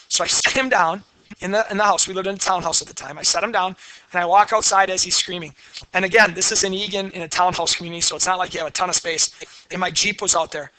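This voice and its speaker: A man's voice: sits high, pushed and bright, dry recording. A man, lecturing a class and telling candid, blunt personal stories. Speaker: teacher.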